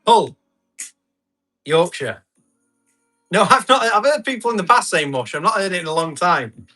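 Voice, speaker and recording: A man's voice: sits high, lively intonation, normal speed, bright, forceful tone, soft background music. A man, chatting casually as he runs a live tool auction, reading out bids and comments and laughing often. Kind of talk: casual live-stream selling chat.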